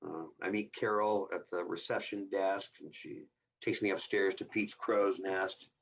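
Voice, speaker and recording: Husky-voiced man in his fifties telling stories. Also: sits low, unhurried. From Southern California. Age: 50s. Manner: animated storyteller who acts out quoted dialogue in a raised voice. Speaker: guest, hot rod builder. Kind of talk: casual interview storytelling. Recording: slightly distant, dull lo-fi sound.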